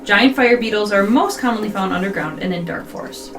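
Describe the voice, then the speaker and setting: A woman's voice: medium pitch, brisk, recorded from a distance. A woman running a tabletop game as game master, reading creature descriptions and narrating scenes. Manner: reads descriptions aloud, laughs easily. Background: background music.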